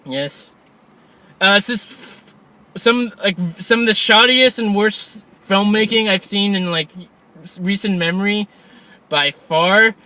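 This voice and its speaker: A man's voice: sits high, slow, sharp tone. A young man co-hosting a casual film review chat, rambling and leaning on "like" with frequent restarts. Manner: rambling, fills with "like" constantly, restarts a lot. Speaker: podcast co-host.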